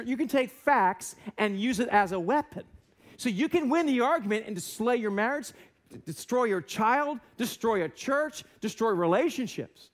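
A male American pastor giving a sermon in a church, telling a self-deprecating story and acting out voices. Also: extremely high pitch. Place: church sanctuary.

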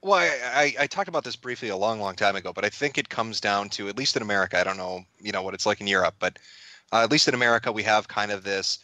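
A man talking as a guest on a casual podcast interview, wry and animated, acting out quotes from others. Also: on the low side, fast talker, dry recording.

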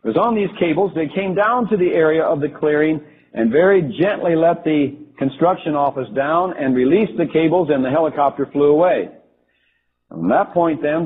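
A slightly high-pitched, husky male voice recounts a vision in the first person, pausing and restarting as he searches for words. The recording is thin and phone-like, with the lows and highs cut away. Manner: halting, with frequent restarts and fillers. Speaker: storyteller recounting a religious vision.

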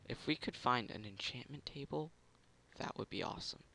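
A man's voice: medium pitch, moderate pace, gravelly, bright, forceful tone, slight background noise. A man giving casual commentary over a video game, muttering to himself, humming little tunes and bursting into gloating. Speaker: gameplay commentator.

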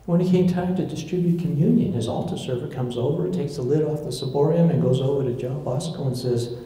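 A man lecturing on church history tells stories live to a local crowd and voices the characters he quotes. His warm voice is a little high, and his delivery is brisk. The recording comes from a very echoey room with faint noise.

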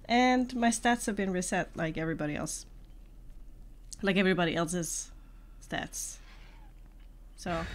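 Slow-talking woman gaming streamer. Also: on the low side. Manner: chatty, self-deprecating, laughs often. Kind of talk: casual gameplay commentary. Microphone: podcast microphone.

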